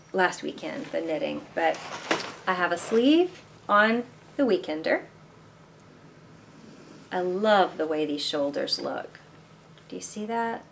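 A woman with a fairly low voice chats casually to camera about her knitting, rambling from one thought to the next and asking her viewers what they think. She is recorded at home on a camera mic with a faint hiss of room noise behind her. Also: gravelly. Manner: chatty, rambling, asks viewers questions. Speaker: knitting podcast host. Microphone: camera mic, moving handheld camera.

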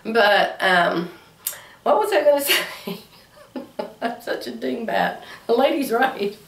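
A middle-aged woman vlogging in casual chat, chatty and giggly, her voice still slightly hoarse. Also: a little high, animated, slow, fairly bright tone, distant mic. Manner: chatty, giggly, with playful squeals. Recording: echoey room, away from mic.

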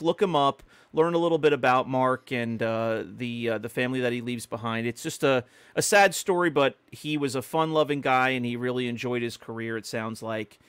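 A man's voice: medium pitch, clean tone, no room sound. A middle-aged man co-hosting a podcast, telling stories in a chatty way with many fillers and restarts. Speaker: podcast co-host. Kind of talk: casual podcast chat.

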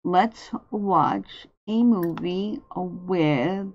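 A woman with a lowish voice speaks very slowly on a muffled recording. She is hosting a gameplay video, giving laid-back commentary and thinking out loud about her moves, with faint game music underneath.

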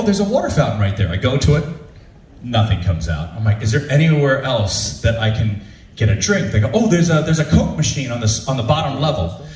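A man telling a comic story to a live audience, animated and self-deprecating, laughing as he goes. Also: mid-range voice, echoey room, distant mic. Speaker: stand-up storyteller, show host. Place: shipboard show venue.

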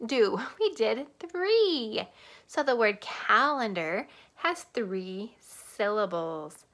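A woman teacher giving a lesson to young children, sing-song, clapping out words slowly. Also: on the high side, big pitch swings, fairly bright tone, slight background noise.

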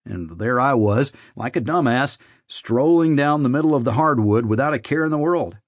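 A man reads a first-person audiobook in a steady, conversational way, at a middle pitch. The recording is dry and close with no room echo. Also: normal speed. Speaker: audiobook narrator.

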